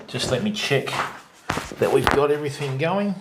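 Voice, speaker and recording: A man's voice: a little high, animated, normal speed, gravelly, heavy background noise. An Australian man hosting a casual live stream, chatting to viewers and calling them mate and bud. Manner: friendly, greets viewers by name, calls people mate and bud. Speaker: fishing stream host.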